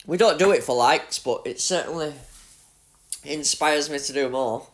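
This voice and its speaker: A man with a Yorkshire accent giving chatty, excitable live commentary on his racing game while talking to his chat. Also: on the high side, moderate pace. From Leeds, Yorkshire, England. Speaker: gaming streamer.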